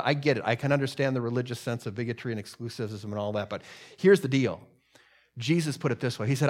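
A man preaching a sermon at a middle pitch. He builds up to fervent, louder peaks and then sinks to quiet, weighty lines. His delivery moves between a conversational tone and declarations. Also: lively intonation, fast. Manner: preaching with swelling emphasis, dropping low for solemn points. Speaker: pastor.

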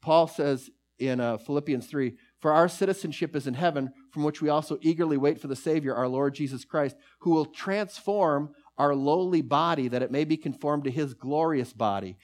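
A man preaching a sermon, reading scripture aloud and telling a story with slow, emphatic pauses. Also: fairly high pitch, a little mellow. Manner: reads scripture passages aloud.

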